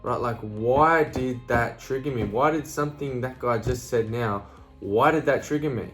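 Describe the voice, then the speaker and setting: A man's voice: medium pitch, normal speed, fairly bright tone, faint music behind. A man giving a casual motivational talk to camera, blunt and plain-spoken, swearing freely and often checking in with "right?" and "you know". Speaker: motivational speaker.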